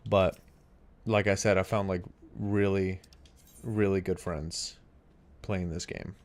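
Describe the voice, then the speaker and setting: A young adult man streams a game, chatting casually and reacting aloud to what happens on screen. His voice is low and steady, and he speaks slowly.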